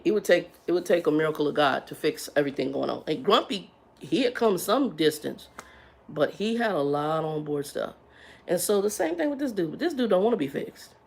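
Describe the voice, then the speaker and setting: Chatty woman livestreaming, gravelly voice. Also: fairly low pitch. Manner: talkative, rambling, greets viewers warmly by name; Southern-style slang, "y'all". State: congested from sinus drainage. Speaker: livestream host. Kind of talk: casual livestream chat.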